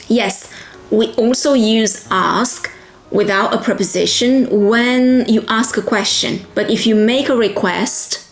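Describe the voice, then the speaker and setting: Slow, deliberate woman teaching English. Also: fairly high pitch, roomy sound, soft background music. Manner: slow, deliberate, repeats phrases for learners to copy. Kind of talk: pronunciation drill lesson.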